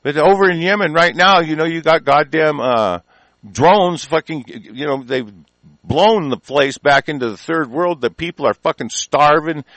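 A heated, profane man from the United States tears into his targets in an angry rant. His voice sits fairly high for a man, and the sound is close and dry with no room around it. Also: moderate pace, fairly bright tone, no room sound.

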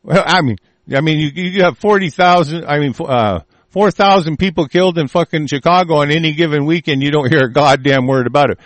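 A man's voice: on the high side, brisk, dry recording. A man from the United States in an angry, profane political rant, full of threats. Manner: furious, profane, shouting threats.

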